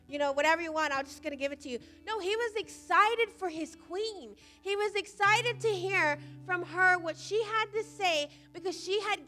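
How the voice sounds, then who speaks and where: A woman's voice: very high voice, bright, forceful tone. A woman preaching a sermon as a senior church leader, earnestly explaining scripture.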